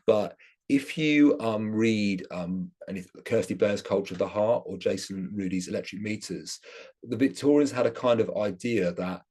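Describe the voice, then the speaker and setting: A man's voice: fairly low pitch, normal speed, darkish tone, slightly rough. A man giving an academic lecture, explaining his subject with enthusiasm.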